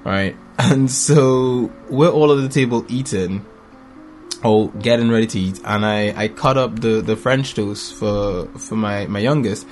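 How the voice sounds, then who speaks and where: A man in his thirties telling family stories in a casual chat, lively and acting out voices with laughter. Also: unhurried, faint music behind. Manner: animated storyteller, acts out voices with big pitch jumps and laughter.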